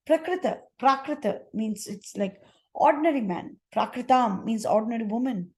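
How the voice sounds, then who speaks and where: A woman teaching a sacred epic, reciting verses and then translating and explaining them slowly with pauses and restarts. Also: on the high side, darkish tone. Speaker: scripture teacher.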